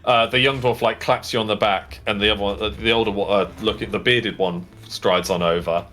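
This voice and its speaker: A man's voice: on the low side, fairly even intonation, fairly quick, hardly any pauses, fairly bright tone, soft background music. A man narrating as game master of a tabletop game, in a casual, rambling way full of fillers.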